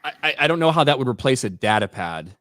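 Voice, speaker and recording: A man's voice: mid-range voice, very animated, fast, fairly bright tone, no echo, clean studio sound. A man co-hosting a livestream chat, talking in a hesitant, rambling way with many restarts. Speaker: co-host.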